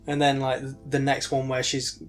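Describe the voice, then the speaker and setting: A man co-hosting a podcast, talking in a loose, halting way full of ums and restarts. His voice sits at an ordinary pitch, and faint music plays underneath. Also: completely flat delivery. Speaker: podcast co-host. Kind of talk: casual chat.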